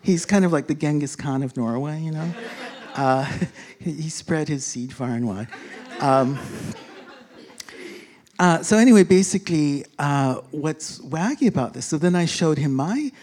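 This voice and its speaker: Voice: medium pitch, animated, a little slow, a little mellow. Rambling storyteller with chuckling asides. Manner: rambling, full of fillers and self-corrections; chuckles while telling, acts out quoted speech. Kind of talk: casual personal travel anecdote. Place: lives in a big city, abroad on a trip.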